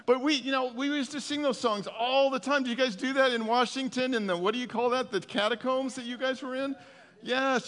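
A man's voice: high-pitched, fairly bright tone. Older guy preaching in church, jokey and chatty, sings bits, long hall echo. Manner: chatty and playful, breaks into song. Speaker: pastor. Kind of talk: informal sermon.

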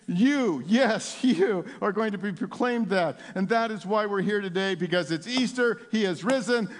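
A man preaching an Easter sermon in a church, swinging between hushed, intimate passages and loud exclamations. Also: sits high. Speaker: pastor. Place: church sanctuary with congregation. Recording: long reverb of a large hall.

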